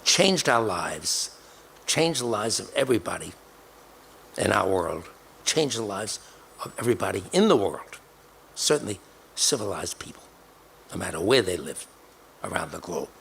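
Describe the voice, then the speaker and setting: Gravelly older man, lively storytelling. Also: fairly low pitch, moderate pace, pauses often, slight background noise. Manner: emphatic, acts out quoted dialogue. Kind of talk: personal storytelling.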